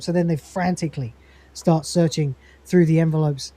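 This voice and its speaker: A man hosting a podcast while sick, casually retelling an episode in an animated way. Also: fairly high pitch, normal speed, no echo. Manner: animated, acts out scenes with lots of "he goes". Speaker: podcast host.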